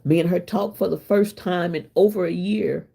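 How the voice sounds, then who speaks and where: A woman in her fifties with a husky, slightly breathy voice that sits on the low side. She chats casually with her viewers as her channel's host, addressing them directly and laughing often as she goes. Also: steady tone, normal speed, dark tone. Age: 50s. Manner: chatty, laughs often, talks straight to viewers.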